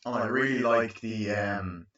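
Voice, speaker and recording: A young man in his twenties recapping a movie in casual, profane chat, acting out lines in high voices. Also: unhurried, a bit bright. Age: 20s. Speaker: movie reviewer. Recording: echoey, distant, muffled room recording.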